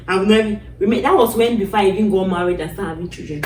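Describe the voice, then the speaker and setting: A woman's voice: medium pitch, fast, a little mellow, a little hiss or hum. A woman from Nigeria telling a personal story dramatically, acting out her own cries and pleas. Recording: distant mic in an echoey room.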